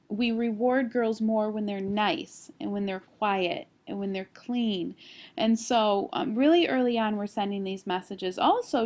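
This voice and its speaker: A woman in her thirties, a college instructor, giving a recorded screencast lecture at a steady explanatory pace with occasional fillers. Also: mid-range voice.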